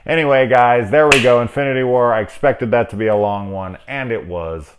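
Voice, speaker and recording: A man's voice: medium pitch, brisk, noisy background. A man in his forties giving a casual, rambling film review, swearing freely and laughing at his own jokes. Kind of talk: casual spoilery movie discussion.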